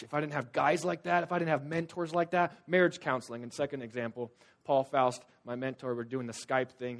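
A young man delivering a sermon with a voice of ordinary, mid-range pitch for a man. He preaches like he is telling stories to friends, casual and loose. His delivery swings from loud, urgent bursts down to hushed, low confiding. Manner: conversational storytelling with casual fillers.

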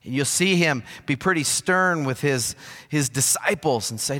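A man preaching to his congregation, his voice bright and forward. He tells stories from his own life with easy, self-deprecating humor. His words ring out with the long reverb of a large hall. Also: on the high side, expressive, a little slow. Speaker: pastor. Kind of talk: sermon. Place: church sanctuary.

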